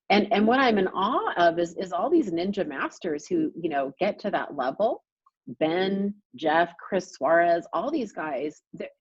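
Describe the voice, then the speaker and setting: A woman's voice: on the low side, slightly rough, dry recording, lo-fi sound. A woman real estate coach leading a group coaching call, speaking emphatically and repeating points for stress, over a video call.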